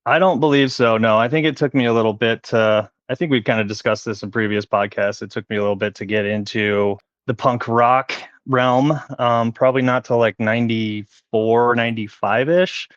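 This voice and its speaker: A man's voice: medium pitch, moderate pace, few pauses, clean tone, no room sound, muffled recording. A man with an American accent, a regular podcast guest, talking casually and wryly from his home basement over a call. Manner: relaxed, wry, hesitant with fillers. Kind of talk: casual chat. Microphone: headphones and mic on a video call.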